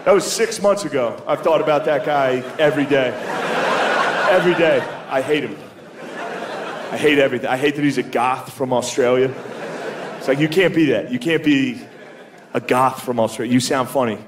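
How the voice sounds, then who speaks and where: A man's voice: mid-range voice, normal speed, pauses often, noisy background. A man doing a stand-up comedy set, telling crude, self-deprecating stories and slipping into put-on voices. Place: comedy club stage before a live audience. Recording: live club recording, loud crowd laughter. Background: loud crowd laughter.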